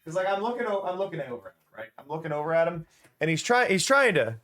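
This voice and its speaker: Chatty, animated male streamer. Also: a little high, fast talker. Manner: rambling, swearing, laughs often. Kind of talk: casual live-stream chat while gaming.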